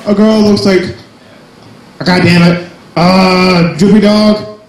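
A man's voice: high voice, steady tone, takes it slowly, echoey room, a little hiss or hum, poor audio. A young man doing a crude, self-mocking stand-up set at an open mic, full of jumpy asides. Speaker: stand-up comedian. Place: small cafe comedy night.

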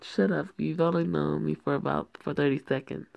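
A guarded young woman from a mafia family who answers sharply and pushes help away, voiced by a story reader with a gravelly tone. The sound is close and dry. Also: mid-range voice, fairly even intonation, fairly quick, no room sound, lo-fi sound. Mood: defensive. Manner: guarded, snappy. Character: defensive young woman, daughter of a mafia boss.

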